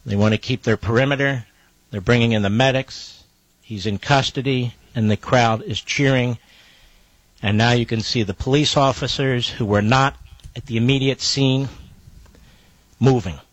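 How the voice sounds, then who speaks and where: A man's voice: mid-range voice, fairly even intonation, normal speed, pauses often, no room sound, muffled recording. A man hosting live talk radio, relaying a police scanner with emphatic, indignant commentary and repeated phrases.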